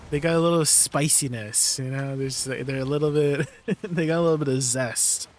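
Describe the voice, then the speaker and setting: A man's voice: a little high, moderate pace. A young man streaming live, casually chatting with viewers and riffing on their messages in an easily amused way. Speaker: livestreamer reading chat. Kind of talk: casual chat with viewers while gaming.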